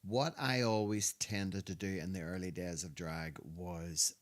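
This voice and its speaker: A man's voice: low voice, unhurried. A middle-aged man who performs in drag, chatting casually as a podcast co-host and telling stories with a sarcastic streak. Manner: sarcastic, animated storyteller who quotes people.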